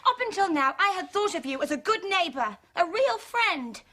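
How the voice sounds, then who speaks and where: A woman playing a stubborn, indignant young woman landowner in a stage comedy, insistent and quick to take offense. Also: extremely high pitch, very animated, pushed and bright, exaggerated voice. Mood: furious. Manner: indignant, insistent, repeats herself.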